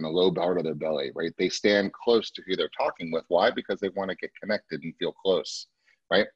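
A husky, low-pitched man leads a sales training class, stressing his points and slipping into a higher voice when he quotes clients. The sound is dry and dull, like a lo-fi video call. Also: no room sound. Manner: emphatic, acts out client quotes in a much higher voice. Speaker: real estate sales trainer.

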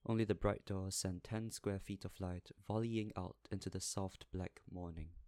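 Brief: male audiobook narrator, low voice, measured, dry close recording. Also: fairly even intonation, darkish tone, dry recording. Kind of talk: scripted narration.

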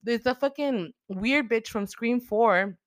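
Profane, animated woman recapping a movie. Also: a little high, takes it slowly, dry recording, clean studio sound. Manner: profane, animated, slangy storyteller. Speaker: host.

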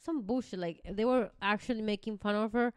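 A woman's voice: mid-range voice, fairly quick, clean tone, no echo. A young woman with a Spanish accent, chatting casually, swearing freely and laughing often. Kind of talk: casual chat.

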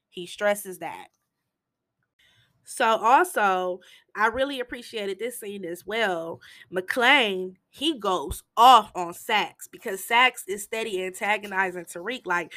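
A woman casually recapping a TV episode, telling it in an animated, slangy way. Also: mid-range voice, a little slow, no room sound. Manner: animated storytelling with slangy asides.

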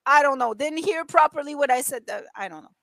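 A woman with a slight French-Canadian accent, chatting casually and telling animated stories, laughing often and acting out other people's voices. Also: high-pitched, quick pace, creaky, no echo. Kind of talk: casual chat.

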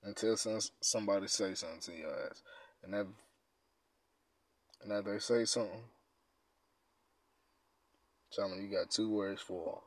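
A man hosting a casual podcast, reading quiz questions aloud and reacting in profane slang, dropping to mumbles and then bursting out loud. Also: fairly low pitch, steady tone, fairly quick, long pauses, no room sound. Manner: laid-back, profane slang, swings from mumbling to loud outbursts. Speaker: podcast host.

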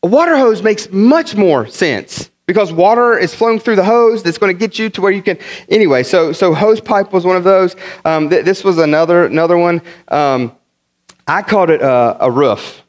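Man preaching, pastor, from the northern US, fairly high voice, lively, funny stories, repeats himself. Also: normal speed. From northern United States. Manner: animated, humorous storytelling with many repeated words. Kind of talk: sermon.

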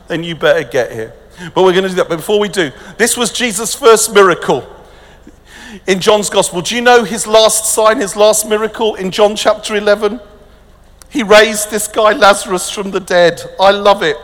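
A man preaching an energetic, jokey festival sermon that turns hushed and tender, recorded in a large venue with long reverb. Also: high-pitched, moderate pace.

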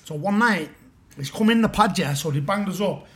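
A man, a guest rapper on a podcast, telling jail stories in animated casual chat with lots of "yeah". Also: high-pitched, normal speed, a little hiss or hum. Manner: animated, peppers lines with "yeah".

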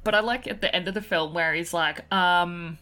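A woman's voice: fairly low pitch, normal speed, bright, forceful tone. A woman co-hosting a podcast, chatting enthusiastically about films and laughing often. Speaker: podcast co-host. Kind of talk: casual film discussion.

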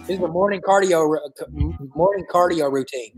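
A man co-hosting a casual chat, easygoing and quick with agreeing asides. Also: fairly high pitch, over loud music.

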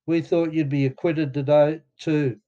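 Worried gentle Australian mum, read by a man, soft, consoling, mellow. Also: on the high side, fairly even intonation, measured pace, highs cut off, lightly acted. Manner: soft, comforting.

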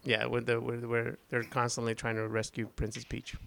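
A man's voice: mid-range voice, completely flat delivery, normal speed, gravelly, a bit bright, smooth. A man hosting a podcast, telling a rambling story with restarts and frequent laughter. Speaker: podcast host. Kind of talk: casual chat.

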